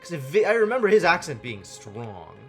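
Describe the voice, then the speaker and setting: A man streaming a game live, puzzling aloud in an animated, exclaiming way on a desk microphone. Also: on the high side, fairly quick, faint music behind.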